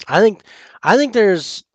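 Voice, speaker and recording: Halting male co-host, slightly high voice. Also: big pitch swings, dry recording. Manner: halting, repeats words as he thinks. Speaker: podcast co-host. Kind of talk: casual chat over drinks.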